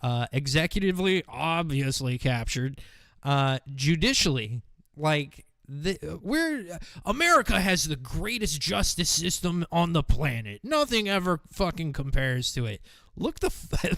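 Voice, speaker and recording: A man's voice: on the high side, a bit bright, dry recording. A man hosting a casual commentary show, talking in a rambling, profane, mocking way. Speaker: host.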